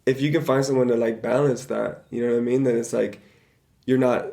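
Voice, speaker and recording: A man's voice: medium pitch, steady tone, brisk, vocal fry, mellow. A man co-hosting a podcast, chatting casually in a rambling, hedging way. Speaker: podcast co-host. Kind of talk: casual chat.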